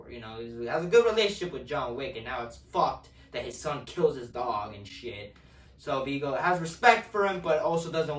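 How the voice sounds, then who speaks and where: A man's voice: mid-range voice, fairly bright tone. A man talks through a casual movie review in a loose, profane, rambling way, restarting his sentences and repeating words as he goes. He sits back from the microphone, and his voice bounces around a roomy space. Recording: echoey room from a distance.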